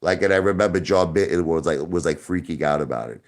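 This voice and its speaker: Deep-voiced man talking defensively to viewers. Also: fast. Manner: defensive, repeats words and restarts. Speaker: online show host. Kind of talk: casual livestream talk to viewers.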